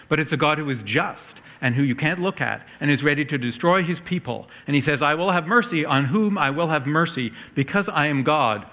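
A man preaching a sermon, explaining scripture verse by verse, lifting his voice for emphasis and then dropping it soft. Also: a little high.

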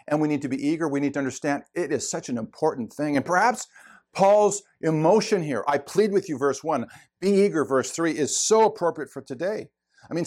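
A man's voice: on the high side, darkish tone. A middle-aged man preaching a sermon, earnest and emphatic, repeating words for stress. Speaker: pastor.

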